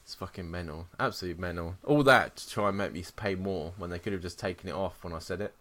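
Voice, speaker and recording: A man's voice: low-pitched, fast talker. Sweary man telling a rant. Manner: sweary, animated storytelling with mocking quoted voices. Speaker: podcast co-host. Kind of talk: casual chat.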